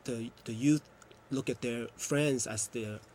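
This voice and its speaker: A man's voice: mid-range voice, a little slow, darkish tone, a little hiss or hum. A man, a youth program coordinator, earnestly explaining at length in a TV interview. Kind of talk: TV interview answer.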